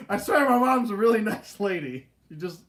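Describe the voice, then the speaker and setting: A young man casually telling a funny childhood story, animated and laughing, acting out his family's lines. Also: high voice, measured pace. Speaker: host.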